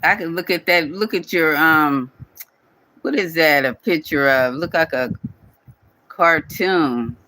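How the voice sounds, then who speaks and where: Scolding man, bright close voice. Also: a little high, takes it slowly, low-quality recording. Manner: scolding, repetitive, speaks directly to viewer. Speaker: channel owner addressing a commenter. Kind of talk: casual scolding vlog rant.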